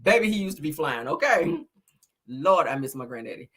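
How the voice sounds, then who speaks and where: A woman hosting a casual celebrity news show, animated and laughing, calling listeners honey and child. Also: low-pitched, a little fast, slight background noise. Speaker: host.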